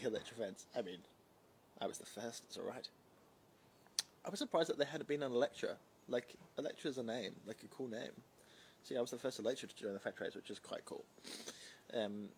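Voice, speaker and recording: Here the young New Zealander, a drag performer with a light British twang, sounds medium-pitched and a little mellow as he chats his way through live comments in a loose, playful, scattered livestream Q&A. A little hiss or hum sits under the recording.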